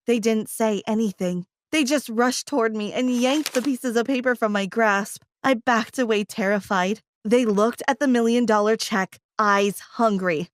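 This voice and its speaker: A woman narrating a scripted first-person animated story in an expressive, dramatic way. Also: fairly high pitch, moderate pace, hardly any pauses, dry recording, studio quality.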